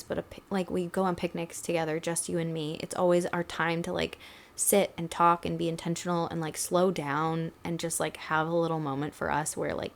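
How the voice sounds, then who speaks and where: Brief: young woman, casual podcast co-host, lowish voice, loose filler-heavy chat. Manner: chatty, many "like" fillers, tearful at times.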